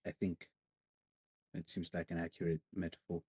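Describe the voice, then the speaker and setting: A man's voice: low voice, level tone, moderate pace, a little mellow, husky, no room sound. A man playing a tabletop game, hesitant and thinking aloud with many restarts. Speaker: player. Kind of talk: casual tabletop play.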